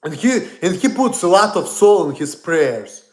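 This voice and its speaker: A man's voice: high-pitched, big pitch swings, unhurried, reverberant. A man ranting in a blunt, profane, rambling way on a casual livestream. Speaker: streamer.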